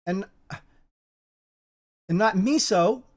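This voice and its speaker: Bible teacher, informal spoken lesson, middling pitch, halting delivery with many restarts and emphatic repeats. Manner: halting and repetitive, with frequent restarts and emphatic repetition.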